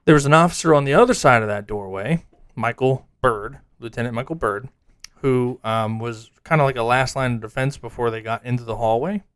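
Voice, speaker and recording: A man's voice: medium pitch, a little fast, clean tone, no room sound. A man chats casually and tells a story with animation, slipping into the voices of the people he describes. He sits close to the mic in a dry space, with a mid-range voice. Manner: animated storyteller acting out quotes. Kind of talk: casual chat.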